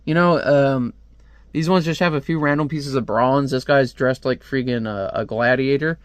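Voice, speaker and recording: A man's voice: medium pitch, steady tone, normal speed, smooth, dry recording. A man casually reviewing a comic book, talking in a rambling, chatty way with lots of fillers.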